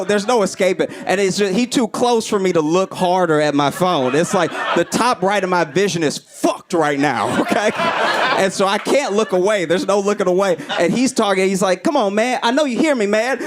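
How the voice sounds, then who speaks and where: High-voiced man doing animated stand-up. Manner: animated storytelling, acting out voices, pitch swings up and down. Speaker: stand-up comedian. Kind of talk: stand-up comedy set. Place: comedy club stage with live audience. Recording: live club recording with clear audience noise. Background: audience laughter.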